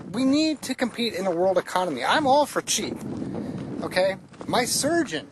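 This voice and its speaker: A woman talking candidly to the camera outdoors at an oil well site, chatty and rambling, quick to laugh. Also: mid-range voice, darkish tone. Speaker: vlogger. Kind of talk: candid personal vlog. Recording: noisy outdoor recording.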